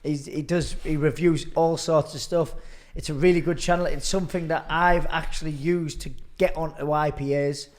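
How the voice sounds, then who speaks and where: A man's voice: on the high side, fairly even intonation, moderate pace, hardly any pauses. Chatty man hosting a podcast. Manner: swearing, laughing storyteller. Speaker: podcast host. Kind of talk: casual chat.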